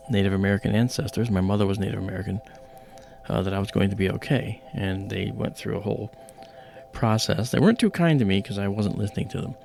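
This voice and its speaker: Gravelly low-voiced man telling a story. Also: darkish tone. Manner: storytelling, acts out quoted voices, many fillers. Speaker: livestream host. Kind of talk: casual livestream chat.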